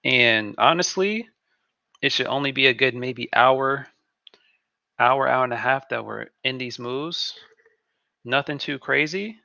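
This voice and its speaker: A man talks through a live trading session in a relaxed way, often repeating himself. His voice is heavily gravelly yet bright and forceful, and sits a little low. The audio is dry and dull, like a lo-fi desk mic. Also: no echo. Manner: laid-back, repeats phrases to himself. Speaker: trading stream host. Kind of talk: live market commentary.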